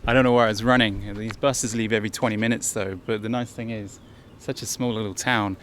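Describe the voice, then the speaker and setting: A man's voice: fairly low pitch, steady tone, fairly quick, a bit bright, a little hiss or hum. An English man hosting a casual travel vlog outdoors. He talks to the viewers directly in a chatty, rambling way. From England. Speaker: travel vlogger. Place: outdoors in a town and on a bus.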